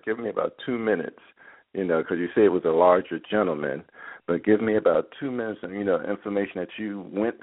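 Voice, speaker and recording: A man hosts a live radio interview, encouraging his guest with short affirmations. His voice sits very low. The audio is narrow and tinny, like a phone line. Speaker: radio show host.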